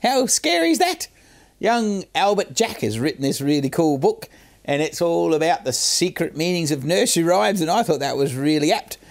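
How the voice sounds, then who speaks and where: A man's voice: a little high, expressive, normal speed. An older man hosting a chatty, self-mocking talk about a nursery rhyme's history, with some salty language. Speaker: host. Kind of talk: casual storytelling explainer.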